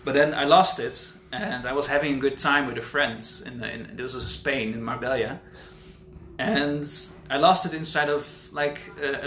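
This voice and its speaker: Talkative man host, casual livestream chat, bright voice, roomy echo with faint ambience. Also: mid-range voice, a little hiss or hum. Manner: rambling, talkative, thinks out loud. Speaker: author hosting a live Q&A.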